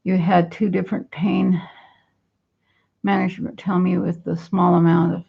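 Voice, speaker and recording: A woman's voice: lowish voice, level tone, moderate pace, vocal fry, husky. A woman vlogging casually from her home into a computer webcam, rambling in a downcast way and reading viewer comments aloud. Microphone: computer webcam mic. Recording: dull lo-fi webcam audio.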